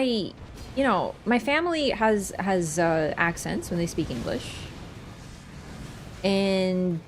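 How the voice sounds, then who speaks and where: A woman's voice: mid-range voice, a little hiss or hum. A young woman from Canada chatting casually with her livestream viewers, rambling with lots of fillers. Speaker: streamer.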